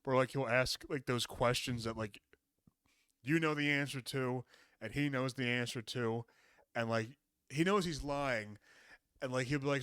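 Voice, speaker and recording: A man co-hosting a casual podcast, rambling through profane, animated stories and talking over his co-host. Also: medium pitch, normal speed, smooth, no room sound, studio quality.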